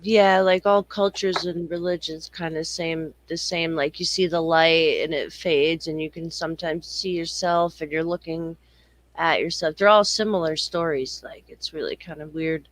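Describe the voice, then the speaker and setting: A man chatting casually on a podcast, upbeat and quick to agree. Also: fairly high pitch, fairly even intonation, fairly bright tone. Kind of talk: casual chat.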